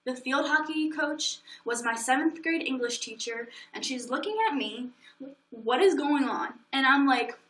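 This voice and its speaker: A woman's voice: high-pitched, fairly even intonation, bright, forceful tone. A young woman livestreaming, telling a long story in a chatty way, full of fillers and acted-out quotes. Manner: chatty, quick, acts out quotes, many fillers. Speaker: livestream host.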